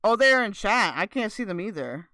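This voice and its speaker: A woman's voice: mid-range voice, very animated, normal speed, sharp tone, no room sound. A woman streamer chatting casually and sarcastically, rambling and swearing as she reacts to another live stream. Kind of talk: casual livestream chat.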